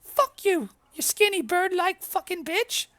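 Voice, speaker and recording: A woman voicing an excitable, foul-mouthed male halfling innkeeper, loud and profane. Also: a little slow, dry recording, exaggerated voice. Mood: furious rant. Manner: loud, profane, high and shouty.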